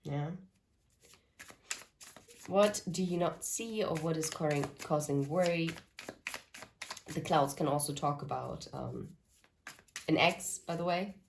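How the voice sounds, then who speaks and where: A woman's voice: sits low, slow, gravelly, pauses often, a little hiss or hum. A woman reading tarot cards to her viewers, talking earnestly about spirit messages and breaking off into rambling asides. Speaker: tarot reader. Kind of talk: channeled tarot reading to camera.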